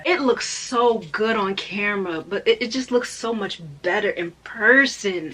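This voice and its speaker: A young woman vlogging about books in a casual, gushing, excitable way full of slang. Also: a little high, moderate pace. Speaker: book vlogger. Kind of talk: casual chat to camera.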